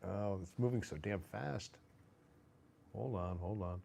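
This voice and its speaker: A man's voice: on the low side, a little slow, vocal fry, long pauses. A man hosting a live sports stream, chatting casually and rambling with fillers and restarts. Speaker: sports show host. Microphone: phone.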